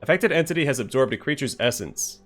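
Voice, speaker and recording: A man's voice: medium pitch, expressive, fast, a bit bright, soft background music. A man hosting a let's play, reading item descriptions aloud with dry, joking asides. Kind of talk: gameplay commentary, reading item text aloud.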